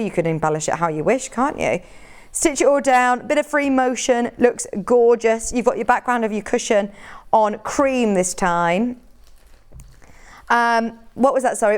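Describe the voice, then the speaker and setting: A woman hosts a live TV sales show from a studio, her voice sitting a little on the high side. She chats along in an upbeat way, showing off each item and tagging on little questions as she goes. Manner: chatty, upbeat, asks lots of tag questions. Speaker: shopping channel presenter.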